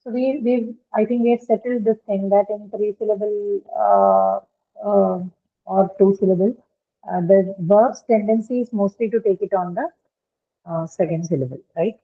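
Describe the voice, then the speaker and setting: A female teacher gives an online lesson on word stress, speaking at a medium pitch and normal speed over a thin, phone-line sound. She's a methodical explainer who goes step by step and keeps checking understanding with "right?".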